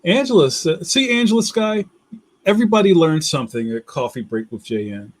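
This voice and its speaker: A young host with a Philadelphia accent chats loosely on a casual livestream, his slightly high voice expressive and fairly quick. He laughs often and reads out comments from viewers, and the sound has no echo.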